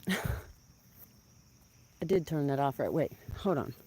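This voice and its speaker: A woman's voice: very animated, slow pace, breathy edge. Chatty woman fussing over chickens. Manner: chatty, laughs often, scolds her chickens in a loud high voice. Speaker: vlogger keeping backyard chickens. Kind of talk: casual chat to camera. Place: outdoors in a backyard with chickens.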